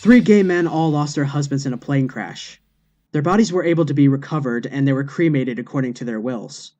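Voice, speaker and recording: A man's voice: medium pitch, warm tone. A man narrating a series of scripted jokes in a matter-of-fact reading voice. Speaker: joke narrator.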